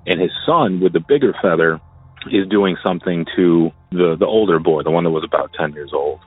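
A very low-voiced man recounts a story in a casual, halting way, stumbling and repeating words. He is heard through a tinny, phone-like line with a dry sound. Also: breathy edge, dry recording. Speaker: caller sharing a personal story.

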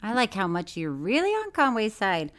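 Lively exasperated woman podcast co-host. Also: medium pitch, moderate pace. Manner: exasperated, teasing, animated. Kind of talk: casual chat.

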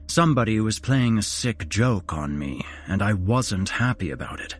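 A man hosting a horror podcast, narrating a first-person ghost story in a measured, dramatic way. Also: lowish voice, lively intonation, husky.

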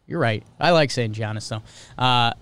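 A podcast host with a smooth, resonant, slightly bright voice of medium pitch runs a laid-back sports show at normal speed. He rattles off scores in short, clipped bursts and drops casual, offhand remarks.

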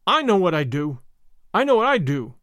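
A man's voice: sits high, sing-song, a little fast, no echo, studio quality. A man reading the part of an impulsive young American consul, talking in emphatic bursts. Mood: excited.

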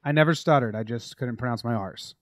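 A man's voice: medium pitch, a little fast, dry recording, studio quality. A man co-hosting a casual sports podcast, joking around and sometimes dropping to a mumble. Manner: jokey, animated, drops to mumbles. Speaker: podcast co-host.

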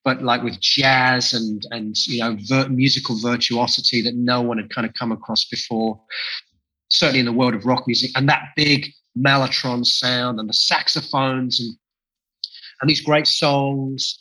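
A man's voice: mid-range voice, steady tone, moderate pace, sharp tone, breathy edge, low-quality recording. A man being interviewed as a musician guest, talking with enthusiasm and reflection, often restarting phrases. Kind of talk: podcast interview conversation.

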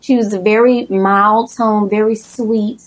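A young woman talks casually and at length, telling a personal story in a chatty, animated way. She slips into a higher voice to act out what people said. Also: unhurried. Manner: chatty and animated, acts out quoted lines in a high voice. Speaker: guest telling her birth story.

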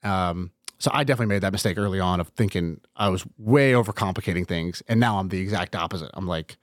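Fast-talking man telling stories. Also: low voice, no echo, clean studio sound. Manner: animated, acts out quoted dialogue. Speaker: podcast guest. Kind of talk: casual storytelling chat.

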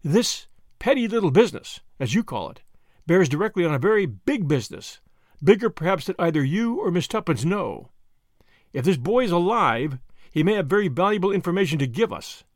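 A man voicing a shrewd, measured older lawyer in an audiobook, with a dry, authoritative delivery. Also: high-pitched, big pitch swings, no echo. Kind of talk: audiobook character voice.

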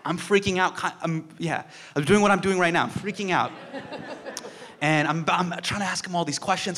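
A man's voice: high-pitched, moderate pace, fairly bright tone. A young man giving a heartfelt tribute speech, telling a personal story and acting out the quotes.

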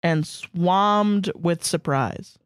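A woman's voice: lowish voice, drawn-out words, smooth, no echo, clean studio sound. A woman co-hosting a comedy podcast in casual chat, reading fan fiction aloud in a wry, mocking way. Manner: wry, mocking, often laughing. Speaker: podcast co-host.

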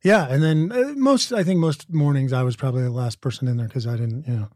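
A middle-aged man from the Midwest, an actor guest chatting casually in an interview, telling stories in a relaxed, rambling way with many restarts. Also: medium pitch, quick pace, no room sound, clean studio sound. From American Midwest.

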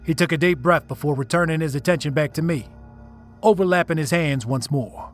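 This tense first-person tale is narrated briskly by a man whose voice sits somewhat high. He reads with dramatic feeling while soft music plays faintly underneath.

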